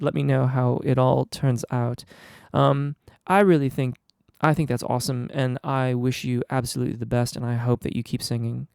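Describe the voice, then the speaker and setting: A male singing teacher answering viewer questions live, a bit under the weather, explaining in a relaxed way with frequent ums and restarts. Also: medium pitch, normal speed, vocal fry, few pauses, smooth, no echo, studio quality. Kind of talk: live Q&A on voice technique.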